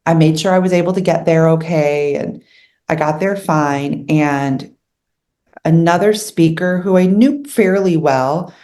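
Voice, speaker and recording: A middle-aged woman speaks in a somewhat low voice, recounting her own life as an interview guest. She talks in an earnest, candid way and turns emotional while remembering difficult times. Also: mellow. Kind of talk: personal storytelling in an interview.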